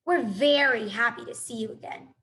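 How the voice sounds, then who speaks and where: A woman's voice: high-pitched, expressive, normal speed, pushed and bright, exaggerated voice. Woman doing a sarcastic, bossy bear sister.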